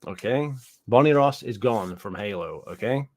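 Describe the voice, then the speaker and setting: A man's voice: fairly low pitch, lively intonation, normal speed, darkish tone. A British man giving casual reaction commentary on gaming news, ranting and swearing, repeating himself and answering live chat.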